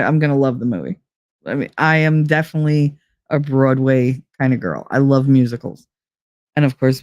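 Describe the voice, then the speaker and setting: A woman's voice: sits low, a little mellow, no echo, studio quality. A woman hosting a podcast in a rambling, chatty way, laughing often and swearing casually. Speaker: podcast host. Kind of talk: casual chat.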